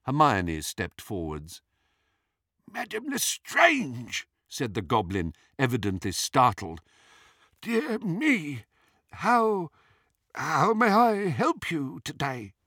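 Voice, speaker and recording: A man reading a story aloud as an audiobook narrator, measured and expressive, voicing the characters as he goes. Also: lowish voice, dry recording, clean studio sound.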